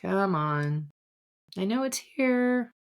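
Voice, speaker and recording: A woman's voice: mid-range voice, lively intonation, slow, smooth. A middle-aged woman hosting a podcast, chatting casually and rambling with frequent giggles. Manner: giggly, rambling, laughs often. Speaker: podcast host. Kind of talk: casual chat.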